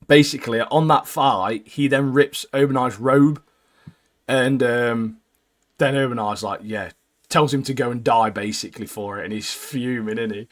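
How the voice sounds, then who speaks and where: A man recapping anime episodes in a casual podcast chat, animated and peppering his talk with "mate". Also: moderate pace. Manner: animated, keeps adding "mate", jumps into high squeaky voices when quoting characters. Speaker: podcast co-host.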